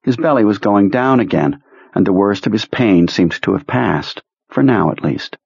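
A male narrator reads a novel aloud in a measured, dramatic way. His low, husky voice is close and dry. The recording sounds muffled and lo-fi. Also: lively intonation, a little mellow, no echo. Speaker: audiobook narrator. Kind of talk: scripted narration.

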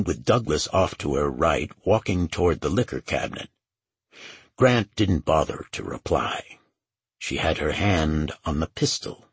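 A man reading a crime novel aloud as its narrator, in a steady, measured way. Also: very deep voice, breathy edge, no echo. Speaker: audiobook narrator. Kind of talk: scripted narration.

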